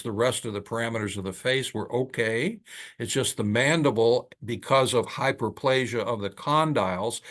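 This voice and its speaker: An older man, an oral surgeon hosting his own show, telling a patient story in a casual monologue and acting out the quotes with his pitch climbing high. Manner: animated storyteller who acts out quotes with rising pitch. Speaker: oral surgeon and podcast host.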